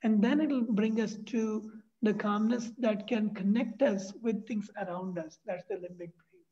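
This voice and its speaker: A man leading a workshop, explaining ideas in a lively way and acting out anxious inner voices. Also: sits high, unhurried. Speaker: workshop facilitator. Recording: dull lo-fi sound.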